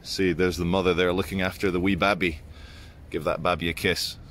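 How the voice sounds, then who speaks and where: A man filming a casual walking vlog on city streets outdoors at dawn with a handheld phone, telling stories in an animated, chatty way. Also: low voice, brisk, slight background noise. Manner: chatty, animated storytelling with quoted voices. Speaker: vlogger. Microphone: handheld phone camera.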